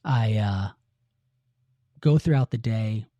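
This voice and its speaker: A middle-aged man hosting a podcast, telling a personal story in an earnest, halting way with many restarts. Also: fairly low pitch, mellow, dry recording. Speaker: podcast host.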